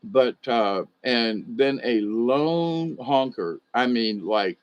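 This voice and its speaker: A man's voice: medium pitch, animated, slow, hardly any pauses, no room sound, highs cut off. Older man, folksy and rambling. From Georgia, US. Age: 60s. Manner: folksy, meandering, chuckling. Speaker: monologue host.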